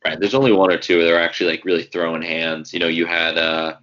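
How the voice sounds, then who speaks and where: A man's voice: low voice, level tone, quick pace, a bit bright. A man, co-hosting a casual sports podcast and telling rambling stories with fillers and swearing. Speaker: podcast co-host. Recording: dull lo-fi sound.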